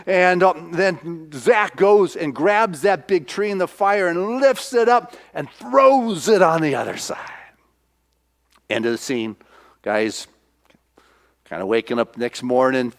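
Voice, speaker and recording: Male minister, animated storyteller, acts out scenes, slightly high voice. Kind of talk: sermon retelling a film.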